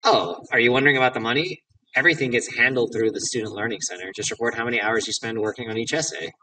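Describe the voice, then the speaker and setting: A man's voice: medium pitch, quick pace, bright, forceful tone, dry recording, distant mic, lightly acted, low-quality recording. A man voicing a brash young male college jock, reading the lines casually and offhand. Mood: scheming.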